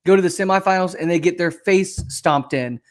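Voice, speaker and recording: Brief: young male co-host, lively casual sports talk, slightly higher voice, swears freely. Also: brisk. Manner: animated, swears freely, acts out quotes. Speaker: podcast co-host.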